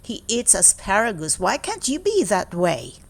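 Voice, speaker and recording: A woman's voice: mid-range voice, wildly swooping pitch, a little slow, creaky, slightly rough, full character voice. A woman voicing nagging parents in a picture book reading, speaking in a reproachful way. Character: nagging parents comparing their child.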